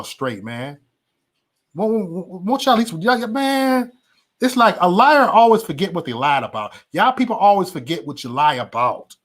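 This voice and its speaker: A man's voice: high voice, a bit bright. A man hosting a livestream, ranting heatedly and profanely at his viewers with emphatic repetition and stammered restarts. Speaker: livestream host.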